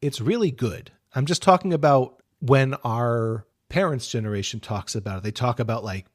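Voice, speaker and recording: A man's voice: mid-range voice, normal speed. A man co-hosting a podcast in casual chat, joking with crude humor and laughing easily. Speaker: podcast co-host.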